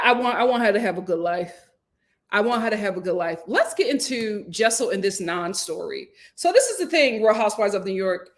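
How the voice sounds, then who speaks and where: A woman hosting her own channel, reviewing reality TV in a casual, slangy, expressive chat that jumps high for emphasis. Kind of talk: casual vlog commentary.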